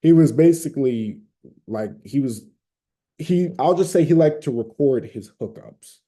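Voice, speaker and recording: A man from Atlanta, Georgia, with a Southern accent offers casual, conversational advice on recovering from a habit, hedging and using many fillers. His mid-range voice is warm and animated, and he speaks unhurriedly.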